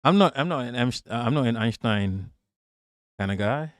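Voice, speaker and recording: A man's voice: mid-range voice, expressive, moderate pace, no room sound, clean studio sound. Profane, mocking male stream host. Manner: profane, mocking, chatting with viewers. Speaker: livestream host. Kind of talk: casual live-stream commentary.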